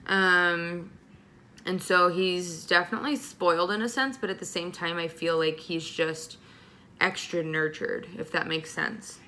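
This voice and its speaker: A woman's voice: lowish voice, fairly even intonation, unhurried, pushed and bright. A young pregnant woman answering viewer questions in a casual vlog, talking with lots of ums and likes. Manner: chatty, many ums and likes. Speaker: vlogger.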